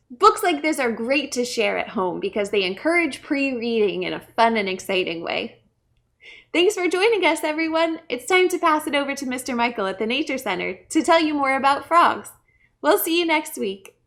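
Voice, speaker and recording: A woman children's librarian reading a picture book aloud to kids, playful and bursting into loud exclamations. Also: high voice, expressive, normal speed, vocal fry. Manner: playful, with big shouted exclamations.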